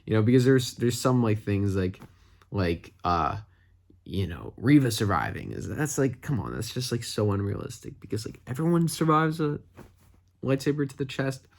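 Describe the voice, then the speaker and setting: Excitable rambling male fan reviewer. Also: mid-range voice, normal speed, vocal fry. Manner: excitable, rambling, heavy use of "like" fillers. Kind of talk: casual review vlog.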